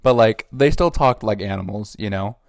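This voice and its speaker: A man reviewing comics in a casual chat, thoughtful and animated, with many fillers. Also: on the low side, moderate pace, creaky, no room sound, clean studio sound.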